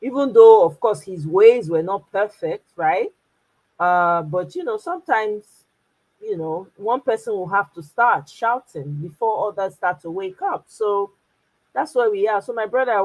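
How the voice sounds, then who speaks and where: A woman's voice: mid-range voice, expressive, moderate pace, a little mellow, low-quality recording. A woman with a Nigerian accent, hosting her own channel and talking to viewers in an emphatic, casual way, switching between English and Pidgin. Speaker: host. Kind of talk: casual political commentary to viewers.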